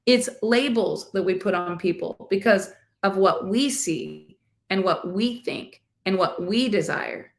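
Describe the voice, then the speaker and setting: A woman's voice: mid-range voice, measured pace. A middle-aged woman and life coach, chatting casually as she retells a story and acts out the people in it. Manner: chatty, animated retelling with quoted voices.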